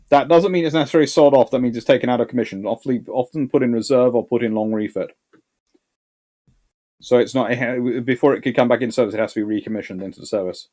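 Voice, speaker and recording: The host of a naval history channel, a man with a mid-range, darkish voice, answers viewer questions live. He thinks out loud, restarting sentences and repeating words.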